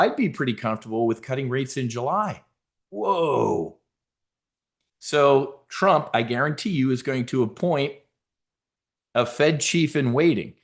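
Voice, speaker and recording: Brash, folksy man giving market commentary. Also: medium pitch. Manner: brash, folksy, emphatic, with frequent fillers and restarts. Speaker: options trading educator hosting a market briefing.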